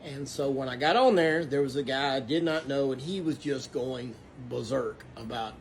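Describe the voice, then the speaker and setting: A man's voice: medium pitch, normal speed, a little hiss or hum. A man from Texas, earnestly telling a personal faith story that turns preachy. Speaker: Christian storyteller. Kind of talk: casual testimony.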